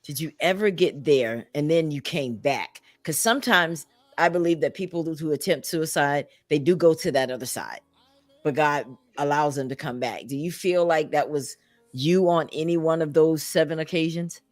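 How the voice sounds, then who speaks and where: A woman's voice: sits low, normal speed, no room sound. A woman hosting an interview show, affirming her guest and asking searching questions, often restarting her sentences. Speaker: show host.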